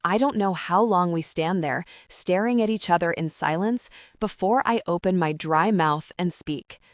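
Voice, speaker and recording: A woman narrating a first-person romance audiobook in a measured, intimate, soft manner. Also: on the low side, no echo, clean studio sound.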